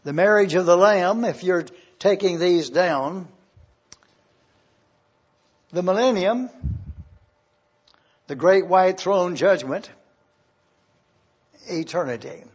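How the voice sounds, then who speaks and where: A man preaching a teaching sermon, reading scripture aloud and slowly spelling out terms. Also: high-pitched, animated, breathy edge. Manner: slow and deliberate, spelling out terms. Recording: dull lo-fi sermon recording.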